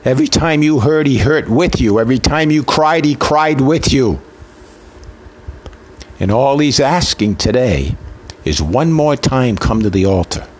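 A man's voice: mid-range voice, animated, unhurried. A man preaching a sermon with an impassioned, emotional delivery built on rhythmic repetition. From Italian heritage.

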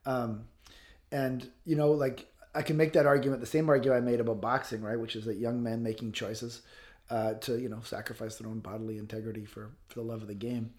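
A man's voice: mid-range voice, flat delivery, a little fast, darkish tone. A man of fifty speaking as an interview guest, blunt and passionate, swearing freely. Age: 50s. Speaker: guest author. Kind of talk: casual interview talk.

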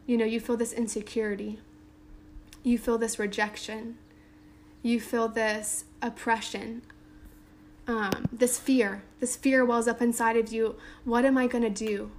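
Speaking at a measured pace with a fairly high, level voice, a woman teaches the Bible casually to a small group; a little hiss or hum is present. After reading scripture aloud, she restates it in plain conversational language peppered with "um" and "like."

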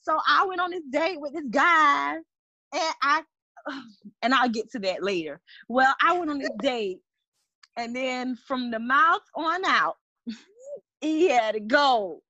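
A woman telling dating stories in a casual chat with friends, animated and laughing often. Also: high-pitched, slow pace, no room sound, muffled recording.

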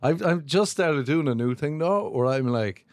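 A man's voice: a little high, animated, moderate pace, darkish tone, no echo. A young man with an Irish accent, a comedian chatting casually on a podcast, mumbling a little and laughing often. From Ireland. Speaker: stand-up comedian guest. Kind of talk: casual chat.

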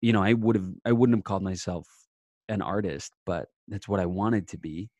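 A low-pitched young man tells stories in a casual remote interview, jumping into sudden high, loud bursts as he quotes himself. The recording is dry and close, with no room sound around his voice. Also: moderate pace, no room sound. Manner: animated storyteller, quotes himself in lively bursts. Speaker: podcast guest, actor. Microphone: remote call mic.

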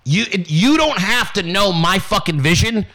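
A man's voice: sits high, animated, measured pace, sharp tone, low-quality recording. A man hosting his own show, ranting in a brash, profane way and acting out the voices of people he quotes. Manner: brash, swearing constantly, acts out quoted voices. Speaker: podcast host. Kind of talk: profane motivational rant.

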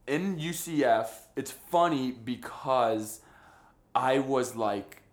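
A young man from Miami telling stories in a casual chat, animated and laughing often. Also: mid-range voice, slow pace. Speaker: guest. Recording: roomy echo.

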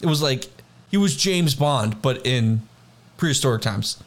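Casual young male co-host, loose and rambling, mid pitch. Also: lively intonation, measured pace. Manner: laid-back, rambling, reads trivia aloud. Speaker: podcast co-host. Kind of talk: casual chat.

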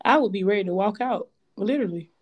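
A woman with co-hosting a casual chat, animated and slangy, laughing often. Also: mid-range voice, quick pace.

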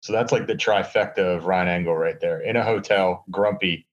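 Rambling sarcastic man, low voice. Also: normal speed, lo-fi sound. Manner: rambling, sarcastic, many fillers. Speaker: podcast co-host. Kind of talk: casual chat. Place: hotel room.

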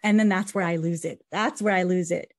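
A woman parent interviewing a guest in a casual chat, lively and talkative, playing out her own family scenes. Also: lowish voice, fairly quick, no echo, studio quality. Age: adult parent. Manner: chatty, animated, acts out her kids and herself.

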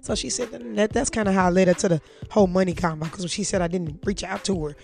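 A woman's voice: mid-range voice, fairly even intonation, fast, vocal fry, a little mellow, faint music behind. Blunt, profane young woman vlogger. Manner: blunt, profane, talks straight to viewers. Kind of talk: casual storytime chat.

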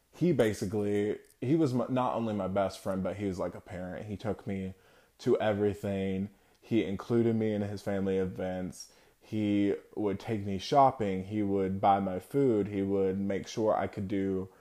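A young American vlogger opens up to his viewers about a personal experience, candid and reflective, his phrases halting and often trailing off. He has a low, slightly mellow voice.

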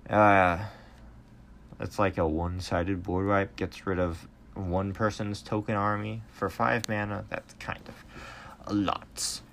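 Excitable man reviewing cards, lower voice. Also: slow pace, vocal fry, a little hiss or hum. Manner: excitable, flares louder at strong cards, stumbles over words. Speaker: trading card game reviewer. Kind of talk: casual card review monologue.

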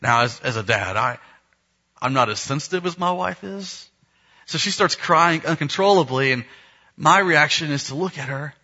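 Man in his thirties, pastor telling a family story in a sermon, bright husky voice, slightly muffled sound. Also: fairly high pitch, lively intonation, moderate pace. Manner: earnest storytelling, acting out family dialogue.

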